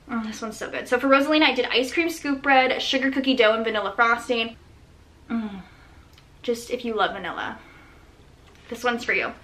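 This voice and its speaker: A woman in her thirties doing a casual product showcase vlog, gushing with enthusiasm and sometimes dropping to soft, breathy murmurs. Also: fairly high pitch, slight background noise. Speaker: small business owner showing products.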